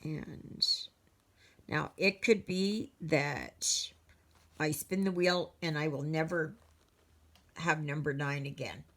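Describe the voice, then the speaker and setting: A woman's voice: deep voice, fairly even intonation, slow, pauses often. A Canadian woman chatting casually to her viewers as a cross-stitch vlogger, rambling and storytelling with many fillers.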